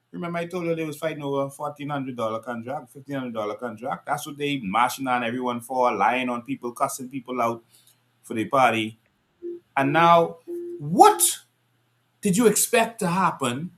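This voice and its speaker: Animated man, bright lively voice. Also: mid-range voice, moderate pace. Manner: animated, rhetorical, rising into exasperated scolding. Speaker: political commentator. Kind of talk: casual political commentary to viewers.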